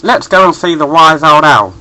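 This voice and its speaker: An eager young bear from a storybook, as a man puts him on speaks with a raised, somewhat higher voice. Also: expressive, normal speed, bright, forceful tone, rough recording. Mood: pleading. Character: young male bear painted yellow.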